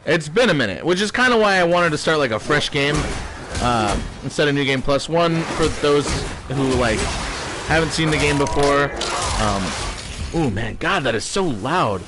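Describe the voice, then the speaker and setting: A man's voice: a little high, lively intonation, moderate pace, noisy background. A young man giving casual, joking let's-play commentary, swearing freely and rambling as he plays. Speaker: gaming streamer. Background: loud game audio with music.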